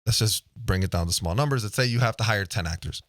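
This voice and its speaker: A man's voice: lowish voice, quick pace, a bit bright, dry recording, studio quality. A man hosting a podcast in casual chat, talking loosely with a lot of "right?" checks and the odd swear word. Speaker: podcast host. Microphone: studio microphone, close.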